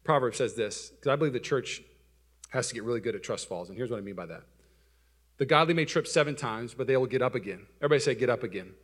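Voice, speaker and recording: A young adult man, a pastor giving a sermon in a self-mocking storytelling way that swings between loud excitement and soft, low asides. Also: fast talker.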